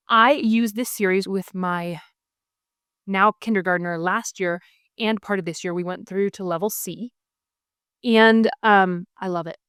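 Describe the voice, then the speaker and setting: Woman, 30s, homeschooling mother, casual explanatory talk, enthusiastic, lots of ums, crisp voice, dry sound. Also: medium pitch, dry recording. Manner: friendly, enthusiastic, explains step by step with many ums. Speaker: homeschooling mother sharing curriculum picks.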